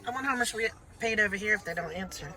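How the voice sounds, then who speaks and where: A woman's voice: medium pitch, racing. A woman driving for a delivery app on her first day, chatting with her husband in a practical, dry way. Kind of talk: casual chat in a car. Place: inside a moving car. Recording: loud car noise.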